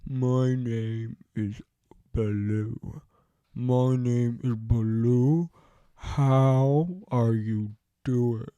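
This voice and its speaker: A man's voice: medium pitch, fairly even intonation, drawn-out words, dark tone, clean tone, no echo, lo-fi sound. Baloo, a friendly bear, as a man puts him on. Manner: throaty voice from the back of the throat. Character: friendly easygoing male bear. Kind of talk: casual character voice practice.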